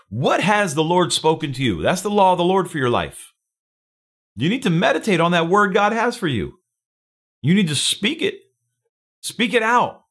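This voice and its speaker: A man's voice: fairly high pitch, a bit bright. A man hosting a daily devotional, preaching with fervor and repeating phrases for emphasis. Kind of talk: energetic daily devotional sermon.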